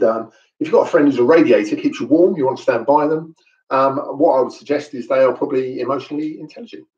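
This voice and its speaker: A man's voice: mid-range voice, darkish tone. Man from London, chatty host, joking with viewers, distant mic, roomy echo. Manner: chatty and jokey, lots of fillers. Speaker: host and trainer. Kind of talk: casual online training chat. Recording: echoey room, distant mic, dull sound.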